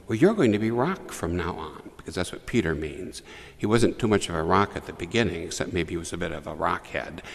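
A man preaching a homily to children in a church, telling the story with lively asides to the young listeners. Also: lowish voice, vocal fry, big-room sound. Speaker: priest.

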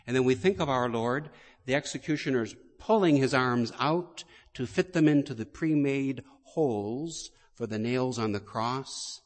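A man, a priest, delivering a sermon slowly and deliberately in a large church. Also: mid-range voice. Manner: slow, deliberate storytelling. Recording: long hall reverb.

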